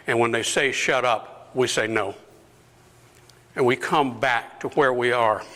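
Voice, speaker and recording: Speaking slowly in a mid-range voice, an older deacon addresses a parish lunch group with bright, forceful energy. He performs quoted exchanges, raising those lines almost to shouts, and a long parish-hall reverb trails his words.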